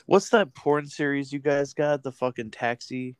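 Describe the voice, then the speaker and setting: A man's voice: medium pitch, moderate pace, clean tone, dry recording. A man chatting casually as a podcast co-host, laid-back and blunt. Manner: laid-back, says dude a lot, blunt. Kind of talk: casual chat.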